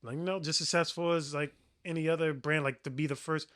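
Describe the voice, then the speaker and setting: Bright-voiced man telling stories loosely. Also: on the high side, fairly even intonation, brisk. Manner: rambling storyteller, heavy use of "like". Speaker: yo-yo performer and rapper guest. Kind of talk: casual podcast chat.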